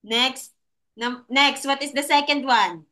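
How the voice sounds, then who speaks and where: A woman's voice: high-pitched, slow pace, pushed and bright. A woman tutoring a child in English over a video call, patient and encouraging, laughing often. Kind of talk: one-on-one online lesson for a child.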